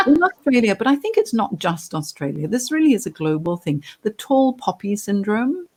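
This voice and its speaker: A woman's voice: mid-range voice, very animated, fairly quick, breathy edge. A woman career coach hosting a live webinar interview over a video call, chatting and reading out viewers' comments. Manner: warm chatty, reads out comments.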